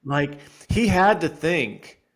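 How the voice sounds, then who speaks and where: A man in his thirties, a podcast co-host, telling a story in casual chat with lively acted-out quotes. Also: fairly high pitch, takes it slowly. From Florida resident. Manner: animated storyteller, acts out quotes loudly.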